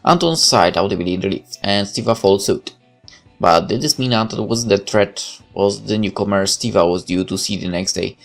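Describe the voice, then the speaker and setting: A man's voice: on the low side, normal speed, faint music behind. A man reading a visual novel aloud as narrator, with occasional casual asides.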